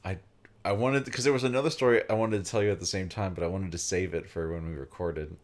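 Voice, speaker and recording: A man's voice: deep voice, quick pace. A young man from Virginia hosting a let's play, chatting casually and rambling with lots of "like" and "um". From Virginia, USA. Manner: rambling, full of "like" and "um". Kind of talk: casual chat while playing a game.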